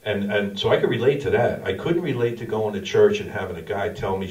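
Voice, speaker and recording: A man's voice: on the low side, brisk, lo-fi sound. A middle-aged man giving a casual, slangy sermon as a pastor, telling stories about his own life. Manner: casual storytelling, slangy and animated. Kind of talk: informal sermon. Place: small church cafe venue. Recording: echoey room from far off.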